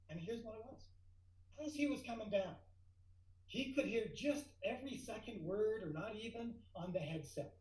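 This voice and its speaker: High-voiced man telling a tall tale. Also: moderate pace, roomy sound, poor audio. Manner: lively storyteller, building to excited outbursts. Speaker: guest speaker at a speaking club.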